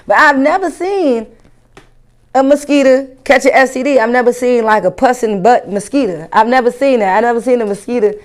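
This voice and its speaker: Animated, profane woman comedian. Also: on the high side. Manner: animated, incredulous, crude and profane. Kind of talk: stand-up comedy rant.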